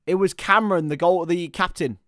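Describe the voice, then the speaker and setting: A man giving live football commentary, chatty with listeners and bursting into shouts at chances and goals. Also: sits high, steady tone, fairly quick, no room sound, studio quality.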